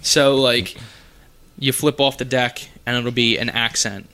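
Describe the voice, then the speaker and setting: A man with a mid-pitched, bright, forward voice chats casually. He is chatty and enthusiastic and swears in passing. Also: a little slow, clear, resonant tone. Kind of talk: casual chat.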